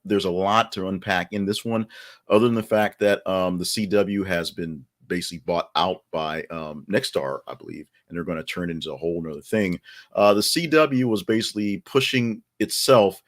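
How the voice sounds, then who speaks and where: A man with a very low, deep voice talks through the day's headlines in a loose, rambling way. He fills gaps with ums and uhs and drops in wry asides as a podcast host. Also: moderate pace. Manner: rambling and chatty, many fillers, wry asides. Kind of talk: casual news commentary.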